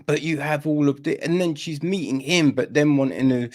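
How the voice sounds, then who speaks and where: A man's voice: a little high, normal speed, a little mellow. A man hosting a film review podcast, talking casually in an exasperated, rambling way with lots of fillers and restarts.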